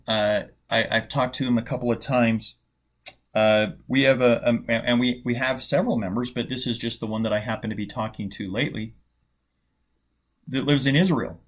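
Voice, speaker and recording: A man's voice: mid-range voice, a bit bright. A man in his fifties, a trading coach, telling a personal story in a loose conversational way with fillers and restarts. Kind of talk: casual storytelling monologue.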